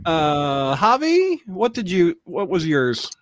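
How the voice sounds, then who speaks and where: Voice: medium pitch, very animated, slow pace, no echo. A podcast host recapping an episode in casual group chat, laughing often as they run through the list.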